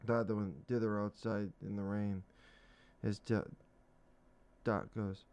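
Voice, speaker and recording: A man's voice: lowish voice, level tone, slow pace, long pauses, a little mellow. A man reading the day's newspaper comics aloud on a radio reading service, describing each panel in an upbeat, chatty way. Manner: upbeat, explains the panels between quotes.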